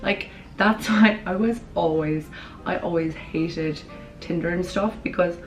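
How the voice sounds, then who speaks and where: A young woman in her twenties with a Kerry Irish accent, chatting bubbly and quick to camera as a vlogger. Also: on the low side, faint music behind, poor audio. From Ireland. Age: 20s. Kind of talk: casual chat to camera.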